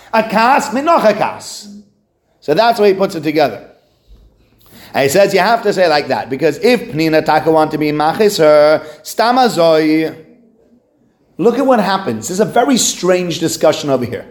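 A man giving a weekly religious text class in an animated, conversational way, acting out the quotes. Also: sits high. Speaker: religious teacher. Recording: roomy echo.

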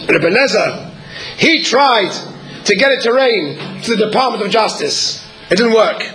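A man, apparently a rabbi, giving an earnest sermon at a measured pace, pausing often and sometimes clearing his throat. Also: high-pitched, animated, sharp tone, faint music behind, rough recording.

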